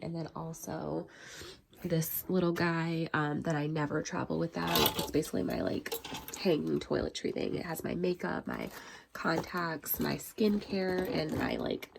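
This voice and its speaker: Talking to her vlog camera in her bedroom, this young woman has a low, gravelly voice that sounds slightly congested and nasal, with noise in the background. Her chatter is casual and packed with fillers, and at moments she speaks softly.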